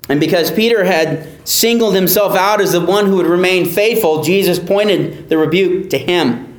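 Emphatic high-voiced man preaching, echoey. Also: a little slow. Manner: earnest, emphatic, repeats key phrases. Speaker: pastor. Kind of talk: expository sermon.

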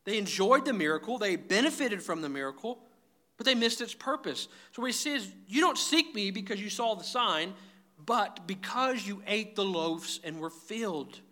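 A man's voice: high-pitched, expressive, moderate pace, pushed and bright. A man preaching a sermon, emphatic and direct, often calling his listeners "guys". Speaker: pastor.

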